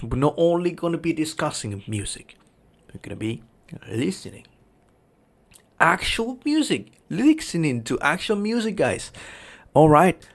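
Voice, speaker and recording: This livestream host, a native Spanish speaker, offers casual commentary in a mid-range voice. He talks slowly and emphatically, often tagging "right?" onto his points.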